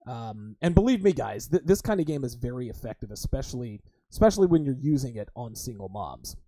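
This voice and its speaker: Brash male podcast host, lively pitch. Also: brisk, no room sound. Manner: crude, emphatic, keeps addressing listeners as guys. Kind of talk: livestream podcast talk.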